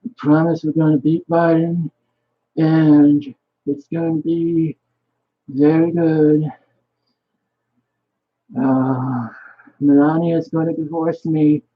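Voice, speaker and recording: A man's voice: on the high side, flat delivery, slow pace, pauses often, phone-quality sound, a little hiss or hum, voice pushed up. A man putting on an impression of a boastful older male politician, bragging with repeated superlatives.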